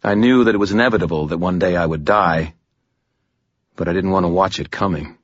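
A man reads an audiobook in a steady, measured manner. His voice is low and husky. The recording is dry and a little dull. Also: no room sound. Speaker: audiobook narrator. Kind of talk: scripted narration.

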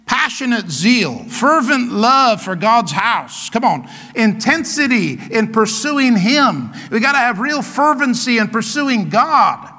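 A male pastor delivers an energetic sermon, shouting encouragement and prompting his congregation for responses. His voice is high, bright and cutting, leaping widely in pitch. It rings with the long reverb of a church sanctuary. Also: slow. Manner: exclamatory, call-and-response, keeps urging "come on".

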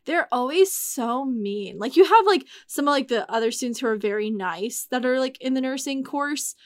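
A young woman in her twenties talks as a podcast guest with a slightly raised pitch. She keeps a loose, chatty flow full of fillers and sounds close to tears. The recording is dry and close. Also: dry recording. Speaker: guest telling her story. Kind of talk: casual podcast chat.

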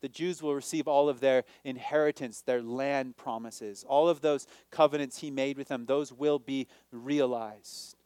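A man preaching a sermon, asking his listeners questions and rising to near shouts on key points. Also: medium pitch, steady tone, unhurried, few pauses, clean tone, dry recording. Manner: asks the audience questions.

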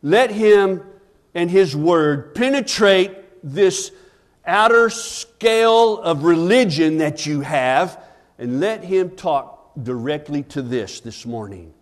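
Taking it slowly, this man preaches at a church service with a slightly high voice and lively intonation. His sermon is earnest, he checks in with the congregation by asking "Amen?", and he goes hushed during his stories.

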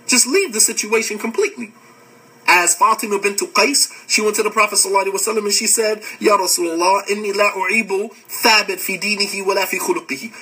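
A man, hosting a podcast and giving a casual religious lecture, animated and laughing often as he answers comments. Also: sits high, fast talker, slightly rough, recorded from a distance, low-quality recording.

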